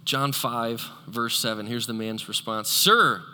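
Bright-voiced preacher in an echoey hall. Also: male voice, mid-range voice, measured pace, a little hiss or hum. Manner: animated, conversational, playful asides to the congregation. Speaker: pastor. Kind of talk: sermon. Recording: long echoey hall reverb.

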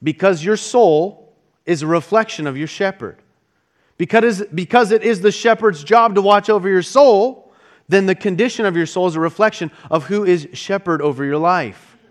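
A male pastor preaches a sermon in a conversational, unhurried manner, often restarting a phrase before carrying on. His voice sits a little higher than most men's.

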